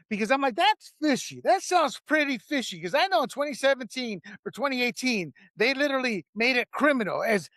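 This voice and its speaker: A man's voice: extremely high pitch, bright, forceful tone, no echo, clean studio sound. A man hosting a political talk show, giving opinionated, jokey commentary in a casual way. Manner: opinionated, jokey, laughs at own jokes.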